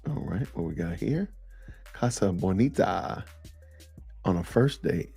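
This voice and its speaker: A man's voice: sits low, animated, a little slow, creaky, mellow, breathy edge, soft background music. A middle-aged man hosting a casual live-stream podcast, chatting loosely and reacting to viewer comments. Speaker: podcast host.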